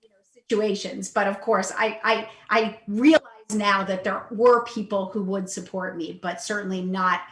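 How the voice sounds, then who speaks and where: A woman on a panel speaking earnestly about her own experience, with halting restarts, over a video call. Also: medium pitch, steady tone, fairly bright tone, echoey room. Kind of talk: panel discussion.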